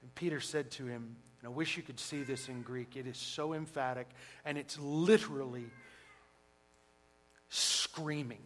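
A man preaching a sermon, emphatic and swinging between loud and hushed delivery. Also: mid-range voice, steady tone, a little slow, a little hiss or hum, rough recording.

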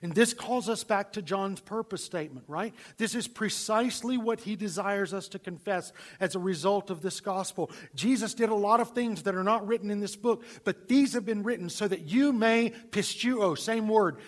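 A male pastor preaching a sermon, swinging from loud emphasis to hushed, near-whispered lines. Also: high voice, normal speed, hardly any pauses.

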